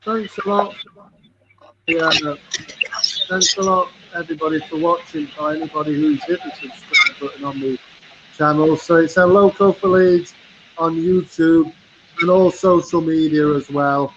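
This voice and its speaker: A man's voice: fairly high pitch, steady tone, a little slow, muffled recording, very noisy. A man, a guest YouTuber on a video call, speaking in a friendly way and thanking viewers. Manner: friendly, thankful, plugging his channel. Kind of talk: casual chat.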